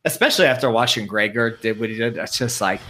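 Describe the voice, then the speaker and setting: Bright-voiced joking male co-host. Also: mid-range voice, fast. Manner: joking, laid-back, teasing. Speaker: podcast co-host. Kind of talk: casual chat about fight picks.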